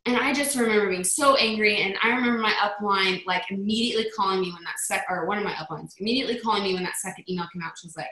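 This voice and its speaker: A woman's voice: medium pitch, rapid-fire, few pauses, sharp tone, roomy sound, poor audio. A woman leading a motivational team call in a chatty manner, acting out the voices she quotes. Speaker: network marketing team leader.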